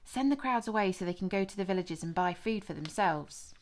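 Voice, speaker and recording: A woman's voice: mid-range voice, lively intonation, fairly quick, close to an everyday voice. A woman voicing a group of anxious male disciples in an urgent, pleading tone.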